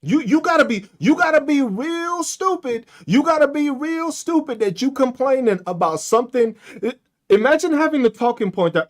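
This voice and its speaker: A male podcast host rants about comments, mocking them with heavy swearing and frequent laughter, his speech showing noticeable features. His pitch is extremely high, his intonation lively, and his pace moderate.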